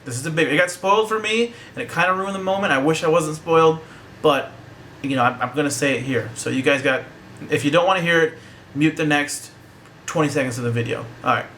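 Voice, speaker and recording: A man's voice: on the high side, a little fast, bright, forceful tone, a little hiss or hum. Profane, rambling young guy reviewing a movie. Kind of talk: casual spoken review.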